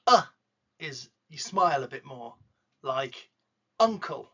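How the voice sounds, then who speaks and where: An English pronunciation teacher with an English accent gives a playful lesson, cracking jokes and demonstrating sounds by drawing out exaggerated vowels. The voice is medium-pitched at a moderate pace, pushed, bright, and husky, and the recording is muffled.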